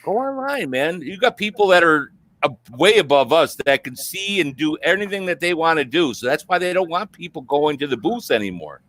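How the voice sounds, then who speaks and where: A man's voice: a little high, very animated, brisk, fairly bright tone, no echo. A man hosting a casual live stream chat, talking in a profane, rambling, heated way. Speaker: host.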